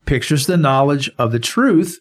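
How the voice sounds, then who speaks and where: A man's voice: medium pitch, expressive, moderate pace. A man co-hosting a conversational Bible study, explaining verses and stressing single words. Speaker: Bible teacher and co-host.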